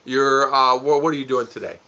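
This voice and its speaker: Bright-voiced goofy man on a livestream. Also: medium pitch, a little fast. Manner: goofy, teasing, laughs often. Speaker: livestream host reading viewer comments. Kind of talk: casual livestream chat. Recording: dull lo-fi stream audio.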